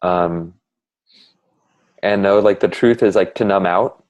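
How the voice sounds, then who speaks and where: A man in a casual heartfelt conversation, speaking reflectively and haltingly with many fillers. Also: low-pitched, a little mellow, highs cut off. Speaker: conversation partner sharing reflections.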